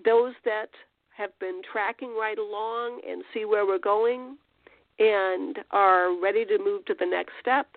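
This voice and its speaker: A woman's voice: mid-range voice, steady tone, measured pace, no echo. A woman hosting a podcast and giving an informal spiritual teaching in a rambling, conversational way with restarts and fillers. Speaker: podcast host. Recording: tinny phone-line audio.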